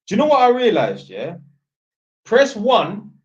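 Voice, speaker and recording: A man's voice: high-pitched, huge pitch swings, unhurried. A young man chatting on a live stream, rambling and blunt, swearing freely. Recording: dull lo-fi sound.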